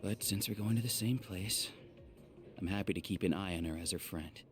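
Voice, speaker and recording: A man voicing a deep, grudging game tough. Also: normal speed, faint music behind, natural voice. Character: gruff young man, protective friend.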